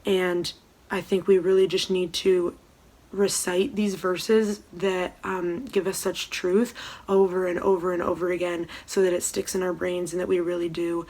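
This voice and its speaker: A young woman giving a casual devotional talk from home, soft-spoken and hesitant, with many pauses and ums. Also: fairly low pitch, little pitch movement. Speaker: church devotional speaker. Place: room at home.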